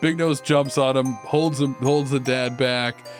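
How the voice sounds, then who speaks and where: A man co-hosting a casual podcast, animatedly pitching a movie plot and laughing often. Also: steady tone, a little slow, soft background music. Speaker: podcast co-host. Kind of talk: casual movie brainstorm chat.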